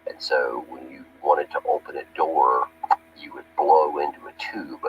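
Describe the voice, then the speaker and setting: A man's voice: very deep voice, fairly even intonation, measured pace, background noise. A man who worked on Army power systems, narrating over his photographs in a rambling, plainspoken way with many fillers. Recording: dull lo-fi recording with faint music.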